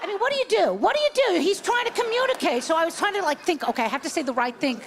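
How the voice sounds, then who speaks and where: Woman in her 60s doing stand-up, high voice all over the place, noisy live club sound. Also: very fast, hardly any pauses. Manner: animated storytelling with voiced characters. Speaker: stand-up comedian. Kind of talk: stand-up comedy set. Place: comedy club stage. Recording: live club recording with background noise.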